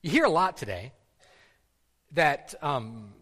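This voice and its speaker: A man's voice: a little high, very animated, takes it slowly, fairly bright tone, husky. A man preaching a sermon in a casual, conversational way, often repeating words and using fillers. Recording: long reverb of a hall.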